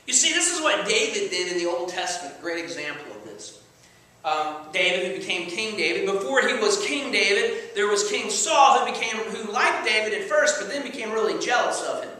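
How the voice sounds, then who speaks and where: A man's voice: sits high, animated, moderate pace, sharp tone. A man preaching a sermon as pastor, conversational and playful, often checking in with the congregation. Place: church sanctuary. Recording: echoey church hall, mic at a distance.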